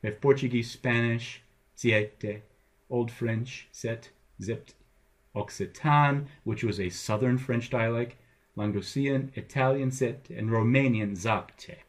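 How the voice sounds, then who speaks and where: A man's voice: mid-range voice, slow pace. A middle-aged male English professor giving a recorded lecture over slides, with a wry, playful teacher's manner.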